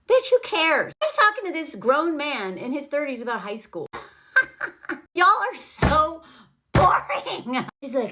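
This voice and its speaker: Lively, sarcastic, high-pitched woman vlogger. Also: unhurried. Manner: sarcastic, blunt, laughs often, swears. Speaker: vlogger, film commentator. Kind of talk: sarcastic recap commentary.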